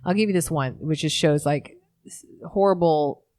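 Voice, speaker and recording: Low-voiced woman telling quick, lively stories. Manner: lively storyteller, quick and self-mocking. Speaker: guest, startup founder. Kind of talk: casual interview chat.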